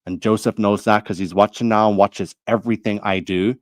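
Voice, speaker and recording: A man's voice: lowish voice, steady tone, fairly quick, no echo. A man delivering a heated, accusing monologue to his video audience, repeating himself as he lays out his grievances. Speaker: video creator. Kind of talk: angry monologue to camera.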